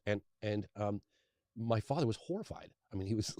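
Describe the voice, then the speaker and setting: A man's voice: medium pitch, lively intonation, racing, warm tone, dry recording, studio quality. A man in his fifties, a documentary filmmaker, telling a long personal story as an interview guest in a rambling, eager way, often restarting his sentences. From England.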